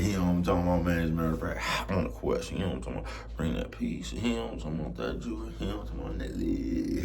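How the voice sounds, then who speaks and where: Over a faint hiss or hum, a man with a low voice vents to the camera as a vlogger. His manner is laid-back and streetwise yet grows loud and heated, and he keeps asking "you know what I'm talking about".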